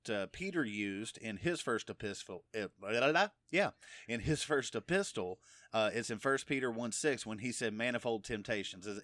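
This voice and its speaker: A man's voice: medium pitch, a bit bright, no room sound, clean studio sound. Emphatic conversational male Bible teacher. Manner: conversational, emphatic, frequent "okay?" check-ins. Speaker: preacher.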